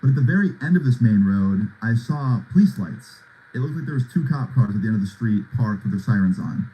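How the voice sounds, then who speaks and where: A man's voice: fairly low pitch, animated, a little fast, mellow, slightly rough, poor audio. A young man in his twenties telling a story on a livestream in laid-back, slangy talk full of "like" and "bro". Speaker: livestream host.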